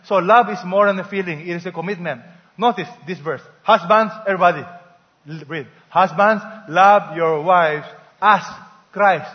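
A male pastor preaches with emphasis and calls for answers from the congregation. His voice sits high for a man, with a long church-hall reverb behind it. The recording sounds dull and lo-fi. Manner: emphatic, call-and-response with the congregation. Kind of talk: sermon.

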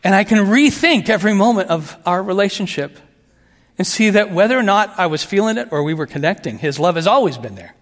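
Male pastor, high voice, animated sermon delivery with hushed emphatic moments, long hall reverb. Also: brisk. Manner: animated, shifts between excited asides and soft hushed emphasis.

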